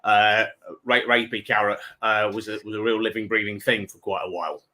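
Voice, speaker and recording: A man's voice: lowish voice, level tone, fairly quick, bright, forceful tone. A man hosting a charity livestream, telling a long prank story with chuckles and rambling asides. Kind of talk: casual chat, telling an anecdote.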